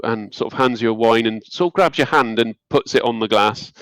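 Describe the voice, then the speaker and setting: Game master, man, halting and relaxed, dry close sound. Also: mid-range voice, no echo, faint music behind, poor audio. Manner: hesitant, many ums, relaxed. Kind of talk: narrating a tabletop game.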